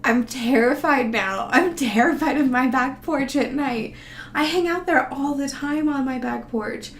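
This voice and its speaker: Speaking a little slowly in a high-pitched voice, this female vlogger meanders through a casual monologue for her viewers, swearing and giggling as she goes. Faint background noise and a roomy echo color the recording.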